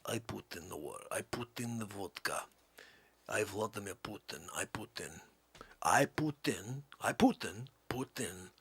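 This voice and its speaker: Man doing a low, gruff, stubborn Russian, broken phrasing. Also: lively intonation, unhurried, a bit bright, heavily acted. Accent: Russian put-on.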